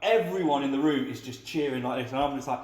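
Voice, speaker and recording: A man's voice: mid-range voice, quick pace. A man telling bartending anecdotes in a casual chat, acting out the voices of people in his stories. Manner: animated storyteller, acts out quoted voices. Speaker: guest bartender. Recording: roomy echo.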